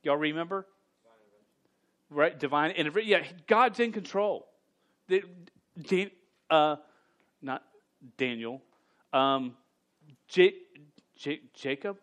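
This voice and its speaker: Stammering male pastor, highish voice. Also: takes it slowly, long pauses. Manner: stammering, repeats words, animated emphasis. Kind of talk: sermon.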